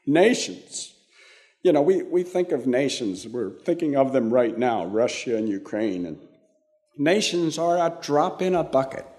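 An older man delivers a sermon at an unhurried pace. His voice sits at an ordinary middle pitch, and he talks haltingly, with frequent restarts and fillers as he gathers his thoughts. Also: very animated, a little mellow. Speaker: preacher.

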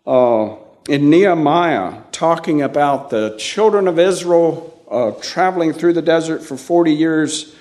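Slow, halting older male preacher. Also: on the high side, lively intonation, darkish tone. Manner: slow, halting delivery with many restarts and fillers. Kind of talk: sermon.

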